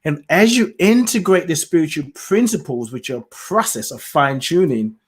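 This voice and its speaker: A man's voice: on the high side, expressive, normal speed, slightly rough. A man hosting his own podcast, giving a rambling spiritual talk, musing aloud, laughing often and losing his thread. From lives in the UK. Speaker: podcast host. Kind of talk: spiritual talk, casual monologue. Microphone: solo podcast mic, self-produced.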